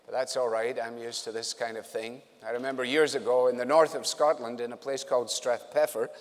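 A man's voice: mid-range voice, steady tone, brisk. A man preaching at a conference, talking in a conversational way with dry, wry humor. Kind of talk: conference sermon. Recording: long reverb in a large hall.

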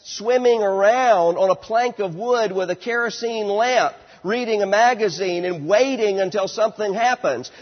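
A man in his thirties preaching a sermon, emphatic and slowing down on key words, dropping to a quieter storytelling tone for anecdotes. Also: sits high. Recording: dull lo-fi sound with long hall reverb.

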